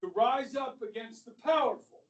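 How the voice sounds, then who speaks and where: A male high school history teacher giving an animated classroom lecture, talking straight to his students and dropping to a whisper for asides. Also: normal speed, lo-fi sound. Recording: voice from a distance across a classroom.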